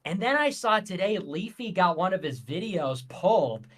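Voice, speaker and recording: Bright, high-voiced man telling stories. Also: moderate pace. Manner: animated storyteller, acts out conversations. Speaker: guest on a livestream. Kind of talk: casual livestream chat.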